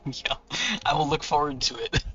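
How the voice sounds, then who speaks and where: A man with a Californian accent chats loosely with his viewers, thanking them and laughing between thoughts. His voice is bright and forward. The mic sits at a distance and sounds dull and lo-fi, with faint music behind. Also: a little high, steady tone, moderate pace. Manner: chatty, rambling, laughs often, thanks viewers. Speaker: author hosting a book launch livestream. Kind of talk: casual livestream chat with viewers.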